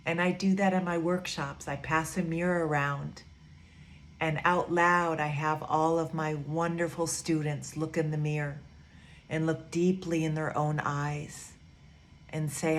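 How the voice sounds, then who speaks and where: A woman giving a gentle, soothing teaching talk, repeating phrases softly as she guides her students. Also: low-pitched, level tone, a little hiss or hum. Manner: soft, slow, repetitive, soothing. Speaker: spiritual teacher.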